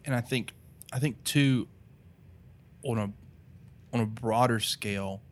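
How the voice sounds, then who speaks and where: A man from North Carolina, with an Appalachian accent, talks about faith earnestly and casually, rambling and dropping plenty of "you know" and "right." His voice sits in the mid range, at a measured pace.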